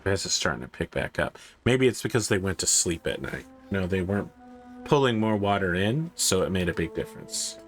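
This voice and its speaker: A man streaming a city-building game, thinking aloud in casual commentary that rises when he gets excited. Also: low voice, brisk, faint music behind. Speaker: gaming streamer.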